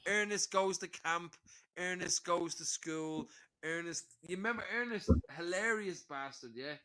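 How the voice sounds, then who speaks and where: A man in his forties chats loosely on a stream, full of swearing and pushy teasing. His voice sits high and sounds bright and edgy. He talks in a casual, rambling way. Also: measured pace, clean tone, rough recording. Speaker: stream guest. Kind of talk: casual chat.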